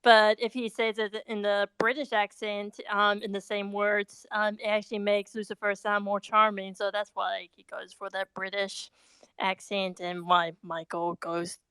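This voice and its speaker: A woman's voice: medium pitch, flat delivery, measured pace, a bit bright, clean tone, no echo. A woman on a fan discussion panel who talks hesitantly, filling her sentences with um and like. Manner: hesitant, full of um and like. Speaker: podcast panelist.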